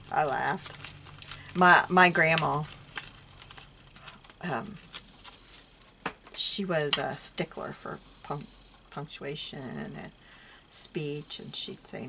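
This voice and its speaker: A woman's voice: low voice, extremely slow, creaky, long pauses, background noise. An older woman with a Southern US accent talks to herself as she crafts. She sounds tired, sighs often and laughs between sentences. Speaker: craft vlogger. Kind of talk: casual talk while crafting.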